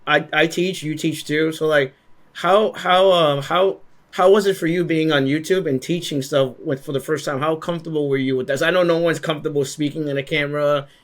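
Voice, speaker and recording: A man's voice: fairly high pitch, a bit bright. A young adult man asking questions in a casual conversation, often repeating and restarting his words. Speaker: interviewer.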